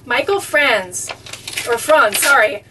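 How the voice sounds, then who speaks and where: High-voiced woman reading fan mail. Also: animated, slow pace, distant mic, background noise. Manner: effusive, easily touched, exclaims often. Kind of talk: casual chat.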